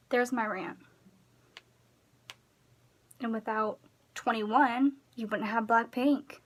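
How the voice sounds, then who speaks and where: Woman ranting into her phone at home, kinda high voice, gets loud then trails off almost whispering. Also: fairly even intonation, slow, long pauses. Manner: emphatic, rambling, drops to a near-whisper when trailing off. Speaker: vlogger. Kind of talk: casual rant to camera. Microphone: phone camera.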